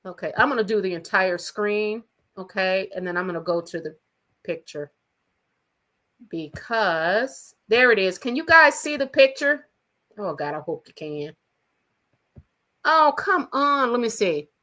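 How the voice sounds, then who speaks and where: A woman hosts a casual gossip livestream from her own room, with a bright, forceful voice of middling pitch. She talks in a chatty, gossipy way and speaks straight to her viewers. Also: animated, measured pace, pauses often. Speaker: livestream host.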